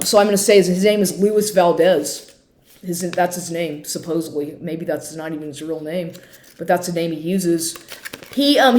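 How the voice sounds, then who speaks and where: A vlogger in her fifties rants angrily at the camera from home, her fairly low, darkish voice heated as she swears often and keeps restarting her sentences. The room is echoey, with slight background noise.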